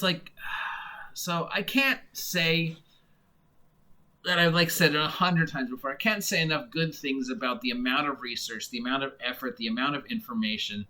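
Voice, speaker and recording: A man's voice: on the high side, bright, forceful tone. A man giving a casual, rambling monologue as a game reviewer, full of fillers and restarts. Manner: mock voices when imitating others.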